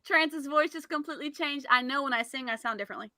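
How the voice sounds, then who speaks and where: A woman's voice: high voice, fast talker, sharp tone, no echo, clean studio sound. A woman co-hosting a podcast in casual chat, giggly and teasing. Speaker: podcast co-host.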